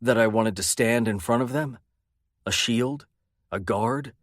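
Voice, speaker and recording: A man's voice: mid-range voice, unhurried, no echo, clean studio sound. A man narrating a first-person romance audiobook in an intense, brooding way.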